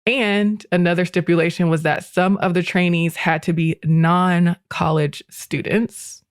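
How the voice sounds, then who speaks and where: A woman telling a history story on a podcast in a relaxed, chatty way, often breaking into laughter. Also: lowish voice, unhurried, no room sound, studio quality. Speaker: guest presenter.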